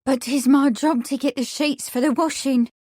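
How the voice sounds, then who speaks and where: A woman's voice: high-pitched, steady tone, moderate pace, a little mellow, no room sound, studio quality, pitched above the performer's own voice, natural voice. A woman voicing a frightened young laundry maid who pleads desperately in a breathless way.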